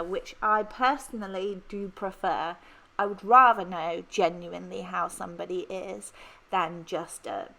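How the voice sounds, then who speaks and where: A woman's voice: medium pitch, pushed and bright. A woman in her thirties from England with an English accent, chatting casually and rambling with many ums while she plans. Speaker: planner vlogger. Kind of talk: casual chat while planning.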